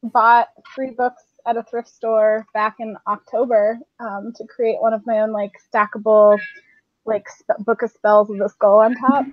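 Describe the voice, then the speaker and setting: A woman's voice: on the high side, level tone, a little slow, no room sound. A chatty woman who laughs often, talking casually with friends on a live stream over a video call. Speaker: show regular. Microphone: computer mic on a video call. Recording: dull lo-fi stream audio.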